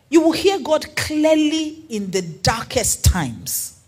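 A woman preaching a sermon in an earnest, animated way, asking her listeners questions. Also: sits high, slow pace, hardly any pauses.

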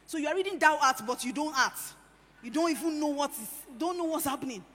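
A woman preaching a sermon, animated, swinging between hushed lines and loud emphatic ones. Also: high voice, fast. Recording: echoey hall with faint ambience.

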